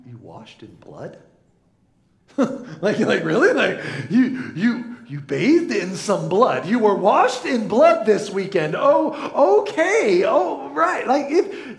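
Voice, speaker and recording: Male pastor, slightly high and gravelly, lively joking sermon delivery, echoey church room. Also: measured pace. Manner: jokey, animated, mimics voices, frequent laughs. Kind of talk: humorous sermon.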